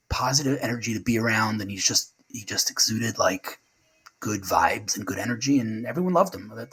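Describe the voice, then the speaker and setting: Middle-aged guy, husky low voice, talks fast and stumbles over words. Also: a bit bright, poor audio. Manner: halting, repeats words, speaks quickly. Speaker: guest. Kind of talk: emotional remembrance interview.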